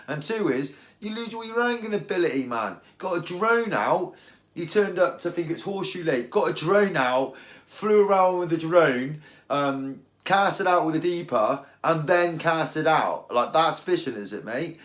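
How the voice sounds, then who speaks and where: An angling vlogger makes bait at home while ranting casually about fishing, his voice a little high at a moderate pace. He's animated, slangy and rambling, recorded in an echoey room.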